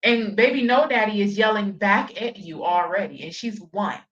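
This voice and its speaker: A woman's voice: mid-range voice, moderate pace, a bit bright, dull audio. A woman giving blunt, profane, scolding reaction commentary on a livestream.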